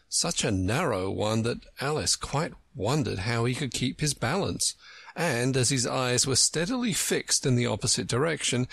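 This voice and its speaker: Male narrator, storybook reading, lively pitch, gravelly texture. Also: dry recording. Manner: slow, expressive reading.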